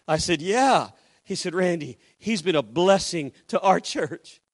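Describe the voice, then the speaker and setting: A man preaching, his voice pitched high and heard dry and close. He tells a story from the pulpit and slips into the voices of the people in it. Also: animated, measured pace, no room sound. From Puerto Rico. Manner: acts out dialogue with shifting voices. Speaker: pastor. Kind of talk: sermon storytelling.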